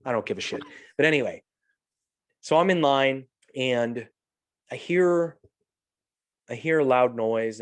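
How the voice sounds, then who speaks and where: Animated, swearing male podcast host. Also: mid-range voice, clean tone. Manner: animated storyteller, swears freely, acts out quotes. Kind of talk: casual podcast chat.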